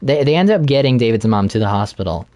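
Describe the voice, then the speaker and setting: A man co-hosting a casual podcast, chatting while playing a game and retelling a plot with animated laughter. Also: mid-range voice, quick pace. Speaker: podcast co-host.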